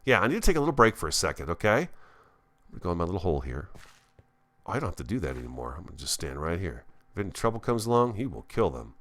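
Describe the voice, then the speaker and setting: Animated man chatting over gameplay. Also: low voice, fast talker. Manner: animated, enthusiastic radio-style delivery with asides to viewers; chatty, talks to himself while playing. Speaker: Minecraft let's play host. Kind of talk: casual gameplay commentary.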